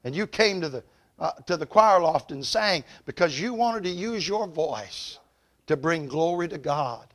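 A male evangelist delivers a storytelling revival sermon in a church. His voice sits a little high and rings bright and forceful, and he rises loud at the peaks and falls quiet at the ends of points. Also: expressive, measured pace. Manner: swells loud and high at climaxes, drops soft at closes. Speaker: evangelist preacher. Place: church sanctuary.

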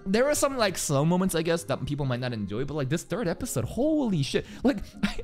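A man reacting live to an anime episode, excitable and swearing, often shouting questions at the screen. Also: on the high side, brisk, soft background music.

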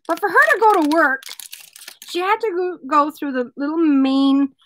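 A woman's voice: high voice, expressive, moderate pace, fairly bright tone, slight background noise, poor audio. A woman selling jewelry in a casual vlog, chatting playfully and telling a joke to viewers she names. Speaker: jewelry seller.

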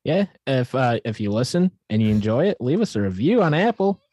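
A man guesting on a comedy podcast, animated and incredulous in his questions. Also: mid-range voice, fairly quick, no room sound, studio quality. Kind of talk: casual comedy chat.

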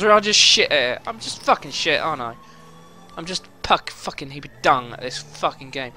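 A man's voice: fairly high pitch, expressive, fairly quick, bright, forceful tone. A young man commentating his own gameplay, swearing often and boiling over in frustrated outbursts. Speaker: gaming YouTuber.

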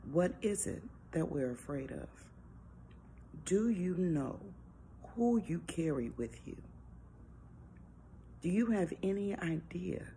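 A low-voiced woman speaks slowly and earnestly in an informal devotional talk, leaning on rhetorical questions. Her pitch rises and falls with lively expression, and a faint hiss sits under the recording.

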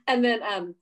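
Animated female director telling a story. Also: on the high side. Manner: animated, acts out quoted voices, swears, laughs often. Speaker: film director. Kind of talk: casual storytelling interview.

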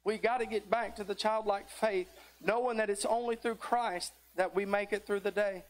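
A man's voice: sits high, fairly even intonation, moderate pace. A middle-aged man, preaching a folksy sermon that builds into fervent exhortation. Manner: tired near the end.

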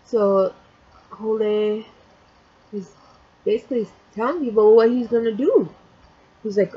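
A woman vlogger retelling a story, emotional and halting, near tears, with many restarts. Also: fairly high pitch, slightly rough, muffled recording. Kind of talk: personal vlog, retelling a story.

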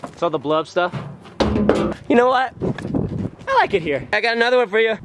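Excitable high-voiced young man vlogging outdoors. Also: a little fast, music in the background. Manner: excitable, laughs a lot, exclaims. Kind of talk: casual outdoor vlog. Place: outdoors at an off-road site.

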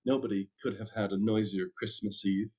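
A man, a minister, reading a story aloud at a church service with an expressive storytelling delivery. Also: fairly low pitch, a little fast.

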